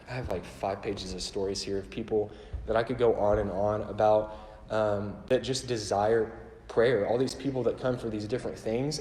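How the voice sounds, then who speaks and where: A man's voice: mid-range voice, mellow, slight background noise. Man telling stories in an echoey church hall. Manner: conversational, self-deprecating, many fillers like "like" and "um". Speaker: church ministry worker. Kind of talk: storytelling church talk. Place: church auditorium. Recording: echoey hall with long reverb.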